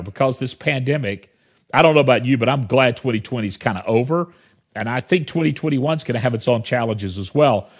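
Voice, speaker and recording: A middle-aged man preaching from the pulpit in an easygoing, conversational way. His pitch sits right in the middle for a man, and he keeps stepping aside from the point to add remarks to the congregation. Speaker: pastor. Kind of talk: sermon.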